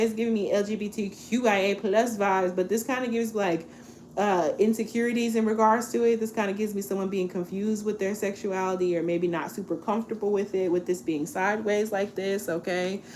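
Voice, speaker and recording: A woman in her twenties giving a casual tarot reading, chatty and relaxed, often checking in with "okay?". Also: medium pitch, brisk, a little hiss or hum. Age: 20s. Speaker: tarot reader.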